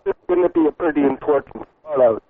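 Prank caller, adult man, slightly high voice, crude and rambling with mock-polite stalling, heard over a tinny phone-like line. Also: fast, dry recording.

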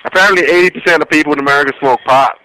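Brash, fast-talking man. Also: on the high side, pushed and bright, slight background noise, poor audio. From Australia. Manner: brash, insulting, fast comebacks. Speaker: call recipient.

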